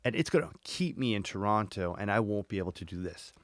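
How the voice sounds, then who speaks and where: Deep voice guy in his 40s on a podcast, animated storytelling, dry mic. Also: fast talker, no echo. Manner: animated, acts out inner dialogue, swears casually. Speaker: guest.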